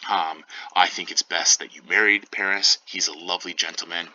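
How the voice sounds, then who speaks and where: Deep, sharp-toned male teacher. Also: moderate pace, muffled recording, a little hiss or hum. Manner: reads verse lines, then paraphrases in everyday slang; relaxed, with frequent fillers. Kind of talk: casual lesson explaining a play scene.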